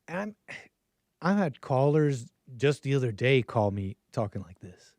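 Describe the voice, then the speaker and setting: A man's voice: mid-range voice, big pitch swings, unhurried, a little mellow, no room sound, clean studio sound. A man hosting a call-in stream in casual commentary, rambling and joking, often laughing mid-sentence. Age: adult with a child. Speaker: call-in show host.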